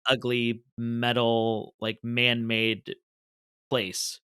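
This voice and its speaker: An eager, detail-focused man co-hosting a podcast in casual chat. His voice is bright and forceful, with a crisp, smooth clarity. The sound is dry. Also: mid-range voice, monotone, very slow, no room sound. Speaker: podcast co-host.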